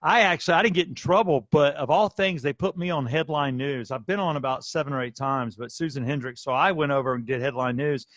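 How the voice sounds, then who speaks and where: A male podcast host chats in a casual, rambling way, voicing his opinions. His voice sits a little high. The recording sounds dry and slightly dull. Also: fairly quick, hardly any pauses, fairly bright tone, no echo. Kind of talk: casual chat.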